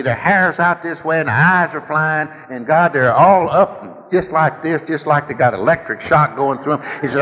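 A man's voice: a little high, lively intonation, a little fast, hardly any pauses, fairly bright tone. A man from Texas with a Texan accent, telling his recovery story at a meeting in a folksy, rambling way with repeated words. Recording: echoey hall, dull lo-fi sound.

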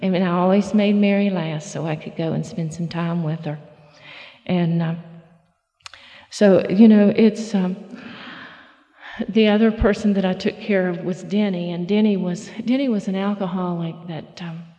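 A middle-aged woman telling her recovery story at a meeting, folksy and halting, full of fillers and restarts. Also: lowish voice, fairly even intonation, mellow, in a large hall, dull audio. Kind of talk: personal testimony talk.

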